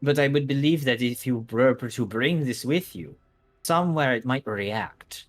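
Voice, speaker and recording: A man voicing a grand, theatrical female sorceress who calls everyone child and dearie, with a put-on accent and drawn-out words. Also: mid-range voice, faint music behind. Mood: musing.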